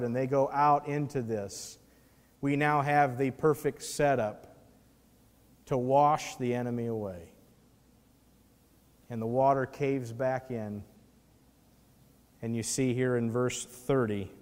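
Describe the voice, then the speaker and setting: A man preaching a sermon as pastor, animated and acting out the voices in the scripture he reads. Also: mid-range voice, in a large hall.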